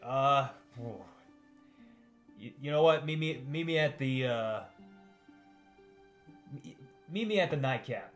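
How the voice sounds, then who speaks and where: A man voicing a quiet, hesitant farmer father who stammers and keeps it short. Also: medium pitch, lively intonation, slow pace, long pauses, soft background music.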